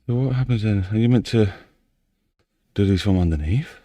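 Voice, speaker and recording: A man's voice: on the low side, moderate pace, warm tone, no echo. A man, slightly out of breath, thinking aloud to himself as he builds a game map. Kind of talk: casual commentary while building a game map.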